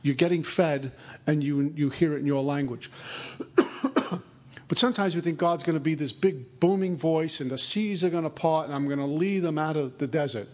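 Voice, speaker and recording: A man's voice: a little high, normal speed. A man giving a conversational recovery talk, acting out inner dialogue. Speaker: recovery speaker.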